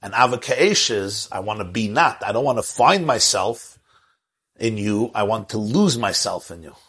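A man's voice: on the low side, expressive, moderate pace, fairly bright tone, husky. A man who is a rabbi, teaching a Torah class and answering questions in an earnest way, repeating his key phrases and chuckling now and then.

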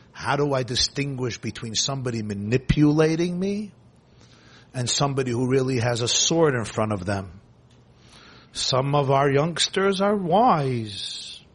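A man giving an impassioned sermon, repeating phrases and swinging between hushed and loud delivery. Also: mid-range voice, breathy edge.

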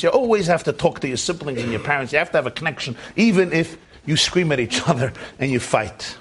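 Animated storytelling man. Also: a little high. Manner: animated storyteller, acts out quoted voices, jokes with the crowd. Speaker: speaker giving a talk. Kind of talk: storytelling talk to a live audience.

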